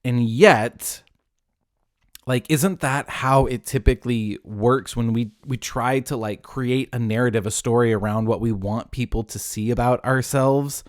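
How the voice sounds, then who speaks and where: With a medium-pitched voice at a measured pace, this podcast host gives an animated, jokey retelling of a Bible story, doing character voices and cutting himself off for asides. The sound is clean studio audio, dry in quality.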